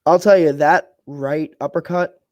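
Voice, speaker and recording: A man's voice: on the high side, fairly even intonation, measured pace, a little mellow. A young man co-hosting a casual podcast, chatting loosely about fights in a rambling, offhand way and swearing now and then. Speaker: podcast co-host. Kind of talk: casual fight-talk chat.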